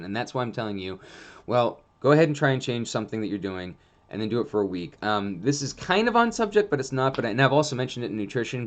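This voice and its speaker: A man with a fairly low voice talks through dog behavior in a casual, instructional way. He is frank and rambling, circling back with lots of fillers as he explains things from his grooming days.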